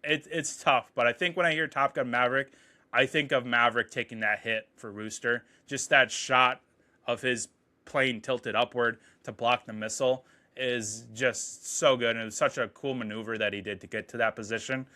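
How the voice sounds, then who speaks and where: A man giving a casual, excited movie review, swearing freely and paraphrasing scenes as he goes. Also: mid-range voice. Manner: excited, profane, quotes scenes in quick paraphrase.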